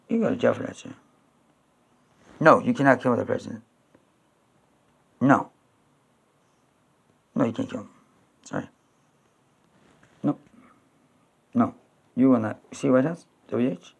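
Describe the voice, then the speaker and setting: A man from New York talking to camera in a rambling, repetitive way, now and then breaking into loud, high-pitched pleading. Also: a little slow, creaky, long pauses, slightly rough, highs cut off. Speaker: video blogger.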